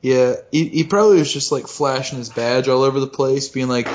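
A man's voice: mid-range voice, brisk. A man co-hosting a casual comedic podcast chat, joking and swearing with frequent laughs. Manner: laughing, swearing, jokey asides. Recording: dull lo-fi recording.

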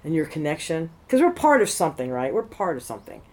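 A woman's voice: deep voice, sing-song, fast talker, a little mellow. A woman telling a personal story in casual conversation, rambling and frank, swearing freely, at a temple. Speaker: interviewee.

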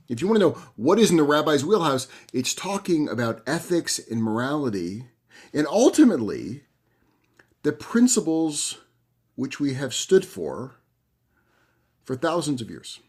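A man who is a rabbi, telling stories in a conversational, animated sermon. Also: fairly high pitch, slightly rough. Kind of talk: sermon storytelling.

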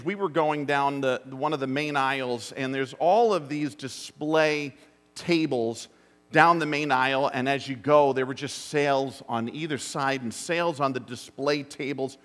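A middle-aged man preaching a sermon, telling a story that drops to hushed asides and rises to urgent bursts. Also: on the high side. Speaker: pastor. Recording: long hall reverb.

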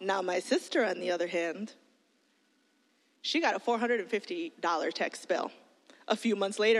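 A middle-aged woman pastor giving an animated, storytelling sermon to young people. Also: mid-range voice, normal speed, long pauses. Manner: animated storytelling, bursts into shouted quotes. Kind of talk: sermon to youth. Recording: long hall reverb.

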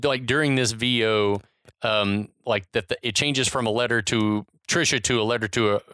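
A man's voice: mid-range voice, normal speed, sharp tone, dry recording. A man casually recapping a movie's scenes with sarcastic asides as a podcast co-host.

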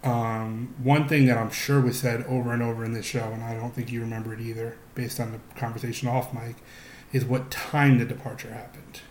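A man's voice: medium pitch, little pitch movement, brisk. A male podcast co-host chatting casually, wandering through his points with restarts and fillers. His voice sits in a mid range. The room is echoey, with a faint hum of background noise. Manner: rambling, with frequent restarts and fillers. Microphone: podcast microphone.

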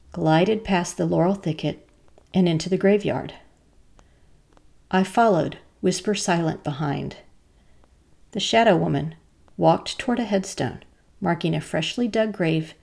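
A woman podcast host who tells stories in a measured, dramatic way. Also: on the low side, vocal fry, mellow. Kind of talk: storytelling narration.

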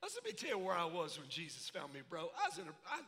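A man preaching a sermon, folksy and animated, calling out to his congregation. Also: a little high, very fast. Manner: animated, folksy preaching with call-and-response asides. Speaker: pastor. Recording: echoey hall reverb.

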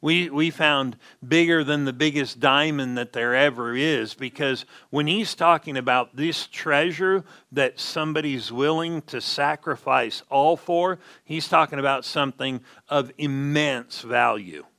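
A male pastor preaching with a bright, forceful voice. He speaks slowly and deliberately, drawing out the words he wants to land and asking his listeners if they are following. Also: a little high. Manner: emphatic preaching, slows down to stress key words, asks the congregation questions. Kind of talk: sermon.

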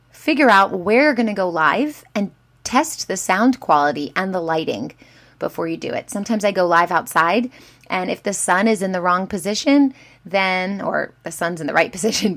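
A woman's voice: fairly low pitch, gravelly, fairly bright tone. A woman coaching on going live, chatty and encouraging, who acts out sample lines as she explains. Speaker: social media coach. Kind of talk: instructional talk to camera.

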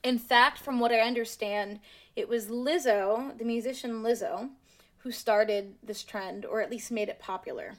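A woman's voice: a little high, moderate pace. A young woman vlogging, speaking candidly and with emphasis, firm in her opinions as she talks to her viewers. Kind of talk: casual commentary to camera.

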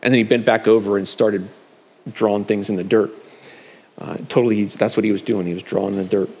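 A man's voice: on the low side, fairly even intonation, fairly quick, creaky, darkish tone, slightly rough. Conversational man preaching in a reverberant hall. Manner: conversational, frequent fillers and restarts. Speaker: preacher sharing a message. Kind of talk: casual sermon with scripture readings.

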